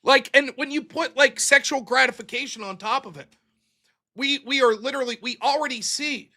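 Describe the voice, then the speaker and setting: A man's voice: extremely high pitch, moderate pace, bright, forceful tone. A man arguing in a debate, profane and rambling, acting out little quoted voices as he goes. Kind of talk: heated debate talk.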